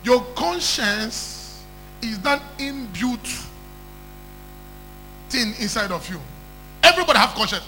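A man's voice: extremely high pitch, very animated, slow pace, long pauses, bright, forceful tone, soft background music, low-quality recording. A man preaching an emphatic call-and-response sermon who repeats phrases and calls for hallelujah.

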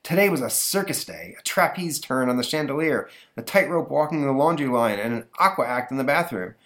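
A man's voice: medium pitch, lively intonation, brisk, a bit bright, pitched above the performer's own voice, natural voice. A man voicing an exasperated mother worn out by her young son. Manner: weary, fussing. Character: exasperated mother of a wild little boy.

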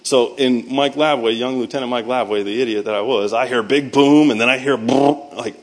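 Man, 30s, veteran speaker, faith talk, animated storytelling, self-mocking, sound effects. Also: medium pitch, brisk. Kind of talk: storytelling speech with scripture.

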